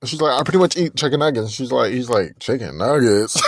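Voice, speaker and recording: A man's voice: medium pitch, very noisy. A young man hosting a podcast, animatedly recapping a reality TV episode, acting out the people in it and laughing often. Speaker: podcast host.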